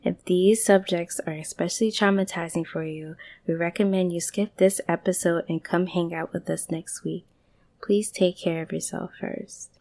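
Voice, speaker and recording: A woman's voice: fairly low pitch, fairly even intonation, moderate pace, gravelly, warm tone. A woman co-hosting a podcast, who reads a scripted content warning and chimes in with short replies. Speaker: podcast co-host. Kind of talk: casual chat.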